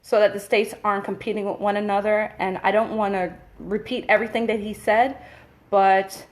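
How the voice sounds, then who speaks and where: Brief: New woman, mid-pitch, chatty livestreamer, emphatic and indignant when she pushes back. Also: level tone, moderate pace. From Queens, New York. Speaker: Facebook Live host. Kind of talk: casual live-stream update.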